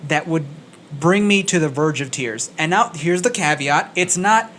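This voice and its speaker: Animated, swearing male podcast co-host. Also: a little high, normal speed, slight background noise. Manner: animated storyteller, swears, acts out quotes. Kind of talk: casual chat. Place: small recording studio.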